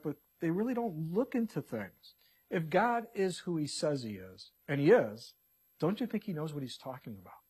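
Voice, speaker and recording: Male pastor, husky and raised in pitch, lively delivery, acts out characters mid-sermon. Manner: animated, acts out the story characters in quick voices. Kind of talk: expository sermon.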